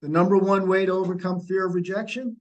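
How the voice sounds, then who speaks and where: A man's voice: sits high, fairly even intonation, fast, lo-fi sound. A middle-aged man leading a sales training session over a video call, coaching and repeating key points. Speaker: real estate sales trainer.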